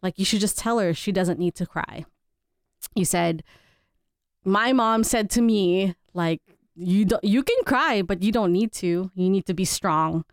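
Podcast co-host, woman, 30s, candid storyteller, smooth voice, dry close mic. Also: fairly low pitch, a little slow, no echo. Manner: candid, laughs between stories, quotes people in changed voices. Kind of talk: casual family chat.

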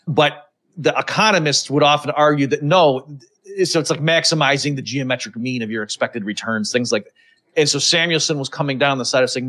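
A man hosting a casual podcast conversation. He talks in an animated, rambling way and often turns to the listeners directly. His voice sits in a mid range. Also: mid-range voice, moderate pace. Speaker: podcast host. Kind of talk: casual chat.

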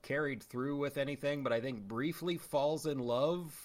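A man's voice: mid-range voice, normal speed. A man co-hosting a casual movie review podcast, talking with frequent hesitations and restarts. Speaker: podcast co-host.

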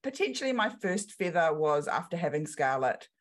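A woman's voice: low-pitched, normal speed. Storytelling New Zealand woman. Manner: lively storytelling, acts out quoted voices. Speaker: guest, business coach. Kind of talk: podcast interview.

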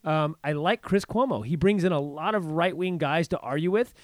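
High-voiced rambling man chatting. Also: normal speed, dry recording. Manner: rambling, with many restarts and stammers; acts out others in a raised voice. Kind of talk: casual political chat.

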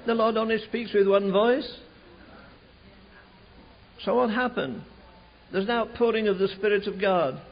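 Husky high-voiced male preacher. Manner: animated storyteller, slows and rises for emphasis. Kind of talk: sermon storytelling. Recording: dull lo-fi recording.

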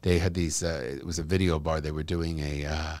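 A man's voice: extremely low pitch, a little fast, no room sound. A middle-aged man, an actor, telling stories animatedly in a casual conversation. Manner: animated, expressive storyteller with laughs. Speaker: actor guest.

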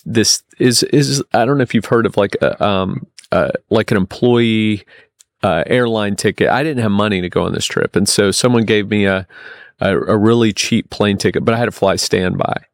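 A man telling a long personal story in casual podcast talk, full of restarts and fillers, getting animated when he quotes people. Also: lowish voice, no room sound, studio quality. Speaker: podcast guest.

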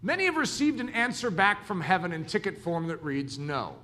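A man preaching a sermon in an animated way, acting out the voices of his listeners. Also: high voice, a little fast. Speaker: pastor.

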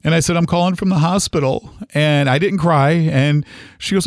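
A middle-aged man from Ohio, slowly recounting his father's death in a halting, emotional way, with many restarts. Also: fairly high pitch, fairly even intonation, gravelly, no room sound, clean studio sound. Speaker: podcast host. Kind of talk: personal storytelling.

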